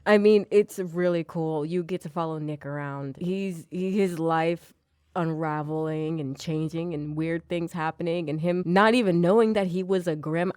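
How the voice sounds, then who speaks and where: A woman's voice: deep voice, a little mellow, no echo, clean studio sound. A woman hosting her own podcast, chatting casually and rambling a little, with restarts and small laughs. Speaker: podcast host. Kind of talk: casual solo podcast recommendations.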